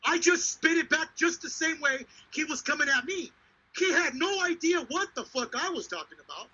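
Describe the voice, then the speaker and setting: Man, very high voice, bright and forceful, heated and profane, dull lo-fi sound. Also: animated, normal speed. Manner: heated, profane, emphatic retelling. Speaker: show host. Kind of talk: live podcast storytelling.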